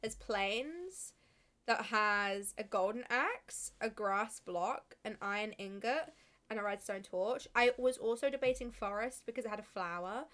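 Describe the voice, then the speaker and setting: Bright, chatty woman streamer. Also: a little high. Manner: chatty, swears freely, laughs often. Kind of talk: casual live-stream chat.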